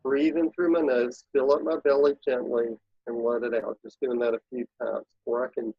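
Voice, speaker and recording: A man talks in a husky, slightly breathy voice, pressing his points home with an emphatic coaching manner. The audio is dry and muffled, with a lo-fi dullness. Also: medium pitch, level tone, moderate pace, no room sound. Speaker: guest, productivity speaker and consultant. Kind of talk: casual interview talk.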